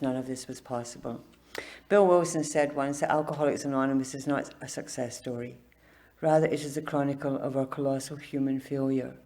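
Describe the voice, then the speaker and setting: An older woman giving a personal testimony at a recovery meeting, telling her story with humor and laughing often, growing soft and tender on the emotional parts. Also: extremely low pitch.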